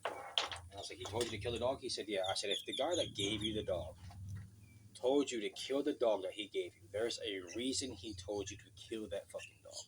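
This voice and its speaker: Outdoors by a road, a man rants in a casual vlog, telling stories bluntly and swearing a lot. His voice is lowish and fairly quick, with a noisy background.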